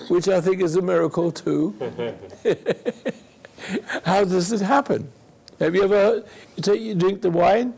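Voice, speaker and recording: A man hosting a spiritual call-in radio show, talking slowly and asking rhetorical questions as he preaches. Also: high voice, vocal fry, a little mellow, breathy edge.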